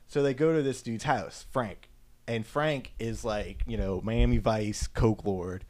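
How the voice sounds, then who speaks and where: A man's voice: lowish voice, unhurried, darkish tone. Rambling man recapping a film. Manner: rambling, full of fillers and "like". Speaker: podcast co-host.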